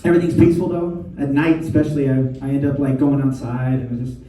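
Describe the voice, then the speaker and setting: A man's voice: mid-range voice, quick pace, dark tone, slight background noise. A young man doing a stand-up comedy set, crude and conversational, full of slang. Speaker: stand-up comic. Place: live comedy show venue. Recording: echoey room mic heard from a distance.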